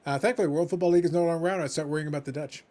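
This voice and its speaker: A Canadian man co-hosting a casual live stream, reading chat messages aloud with teasing sarcasm, sometimes muttering and sometimes shouting. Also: a little high, fairly even intonation, rapid-fire. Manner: sarcastic, teasing, dramatic swings between mutters and loud outbursts.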